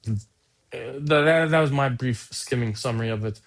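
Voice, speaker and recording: A man's voice: medium pitch, normal speed. A man hosting a podcast, talking casually in a sarcastic, rambling way that keeps interrupting itself. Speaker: podcast host.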